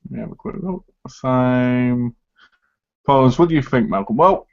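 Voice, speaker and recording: A man's voice: mid-range voice, expressive, moderate pace. A man hosting a casual live chat, talking in a chatty way and acting out other people's lines as he goes. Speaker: live stream host. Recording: dull lo-fi stream audio.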